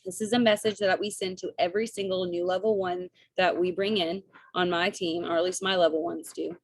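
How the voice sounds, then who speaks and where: A young woman coaching her team on a video call, chatty and upbeat, with quick asides and bits of quoted dialogue. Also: fairly low pitch, fairly even intonation, no room sound.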